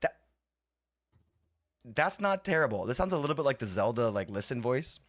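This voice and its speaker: A man hosting a livestream chats casually and rambles, switching between talking to his chat and fiddling with his setup. His mid-range voice swings widely in pitch, with a moderate pace and fairly bright tone, and the recording is dry.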